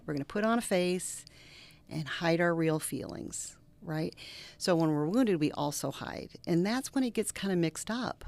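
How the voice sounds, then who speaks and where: A middle-aged woman, a reverend, speaking as an interview guest and telling personal stories earnestly, now lively, now dropping to a soft near-whisper. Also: deep voice, vocal fry. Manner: earnest, animated storyteller who drops to soft near-whispers. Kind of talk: interview conversation with personal storytelling.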